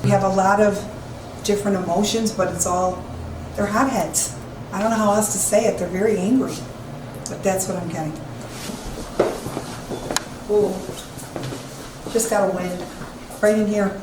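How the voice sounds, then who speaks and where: A psychic medium walks through an empty old police station, her medium-pitched voice fairly even in intonation at a normal speed, broken by long pauses. She speaks emphatically and repeats herself. The room echoes, with a faint hiss in the background.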